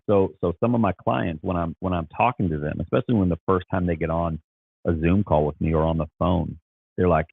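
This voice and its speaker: A man's voice: deep voice, fairly quick, gravelly, husky, dry recording, narrow, tinny audio. A man talking as a Christian life coach, earnest and encouraging, often repeating and restarting his words. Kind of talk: casual motivational talk.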